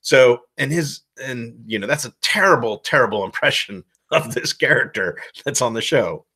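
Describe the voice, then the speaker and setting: A man's voice: mid-range voice, lively intonation, normal speed, bright, forceful tone, breathy edge. Rambling, self-mocking male game master. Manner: loose, self-deprecating, rambling. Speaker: game master giving advice. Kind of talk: casual instructional talk.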